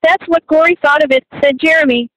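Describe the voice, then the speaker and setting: High-voiced woman narrating an audiobook. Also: a little fast, no room sound, highs cut off. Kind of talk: scripted narration.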